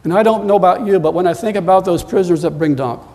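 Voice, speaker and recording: A man preaching a sermon as pastor, telling stories and climbing louder and higher when he presses a point. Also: fast talker. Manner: storytelling, rising in pitch and volume when emphatic. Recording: long reverb of a large hall.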